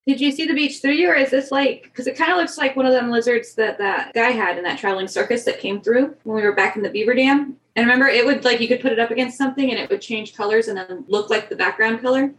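A woman's voice: on the high side, fast talker, few pauses. Upbeat female player, chatty, room echo around her voice. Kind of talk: tabletop role-play.

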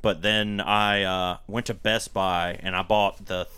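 Animated man recapping a movie. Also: low voice, measured pace, clear, resonant tone, dry recording. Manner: animated storyteller, acts out quotes in silly voices, laughs often. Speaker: podcast co-host. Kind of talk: casual movie recap chat.

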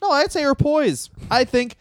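A man's voice: very high-pitched, animated, moderate pace, background noise. A man co-hosting a comedy podcast, telling stories in a loose, profane way. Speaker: podcast co-host. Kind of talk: casual comedic chat.

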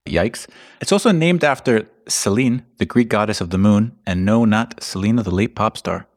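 Low-voiced joking podcast co-host. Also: male voice, expressive, moderate pace. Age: 30s. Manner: jokey, rambling pop-culture references. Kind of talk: casual podcast banter.

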